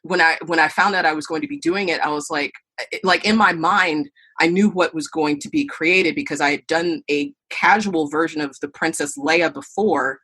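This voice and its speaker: Husky-voiced woman telling stories, animated. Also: sits low, moderate pace. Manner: animated storyteller, acts out quoted voices. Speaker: podcast guest, burlesque performer. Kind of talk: storytelling interview answers.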